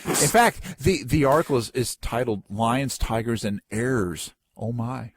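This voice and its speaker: Animated rambling man with a lisp. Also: mid-range voice, unhurried, a little hiss or hum. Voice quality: slight lisp. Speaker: podcast co-host. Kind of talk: casual comedic chat.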